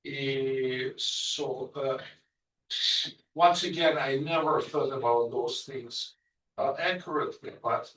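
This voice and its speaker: Slow, halting man questioning from the audience. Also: medium pitch, a bit bright. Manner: slow, halting, many fillers. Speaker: audience member asking a question. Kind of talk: question after a lecture. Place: lecture hall. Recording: echoey hall, voice from far off.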